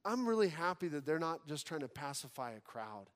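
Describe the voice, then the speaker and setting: Animated male preacher in echoing hall. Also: fairly high pitch, a little fast. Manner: animated preaching, acts out crowd and Pilate lines. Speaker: pastor. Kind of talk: sermon.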